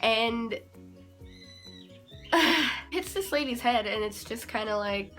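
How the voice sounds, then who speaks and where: Young female vlogger, higher pitch, animated and self-mocking storyteller. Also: takes it slowly, faint music behind. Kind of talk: casual storytime.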